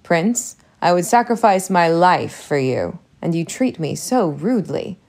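Fawning ogre chief, oily and flattering, low with a gravelly edge as voiced by a woman reading aloud. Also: measured pace. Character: oily, scheming male ogre leader.

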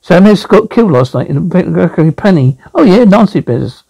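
A man voicing a calm small-town police chief who asks folksy, probing questions in a one-man radio drama. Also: sits high, normal speed, vocal fry, breathy edge, heavily acted.

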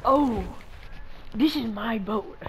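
A woman's voice: on the high side, takes it slowly, a bit bright. A woman playing a video game with a friend, joking, cursing and yelping in mock panic. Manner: playful, profane, yelps in mock panic. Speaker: gamer. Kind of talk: casual gaming banter. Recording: noisy game audio behind voice.

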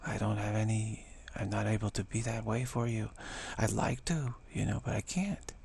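A man voicing a meek saintly woman who plays a helpless little girl, apologetic and halting. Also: fairly low pitch, vocal fry, darkish tone, breathy edge, heavily acted.

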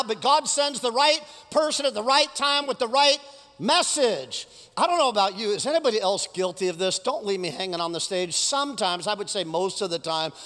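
Bright, animated pastor in a reverberant hall. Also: male voice, high-pitched. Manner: animated storytelling with acted-out quotes; asks the congregation questions. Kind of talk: sermon. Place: church stage before a congregation.

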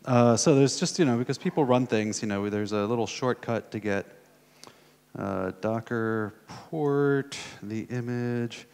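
This medium-pitched, smooth, slightly mellow voice belongs to a conference speaker from the United States, who talks at an unhurried pace. He's doing a live coding demo, chatting casually, filling his speech with fillers and thinking aloud while typing. The conference room adds a long hall reverb.

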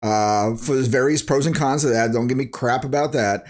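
A man's voice: mid-range voice, moderate pace, darkish tone. A man recording a crypto vlog, talking in a blunt, worked-up rant full of slang and sound effects. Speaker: crypto YouTuber. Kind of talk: ranting market commentary vlog.

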